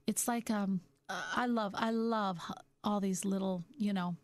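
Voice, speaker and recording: A middle-aged woman hosting a reflective self-help talk, musing gently and slowing down on her key points. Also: medium pitch, steady tone. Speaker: podcast host.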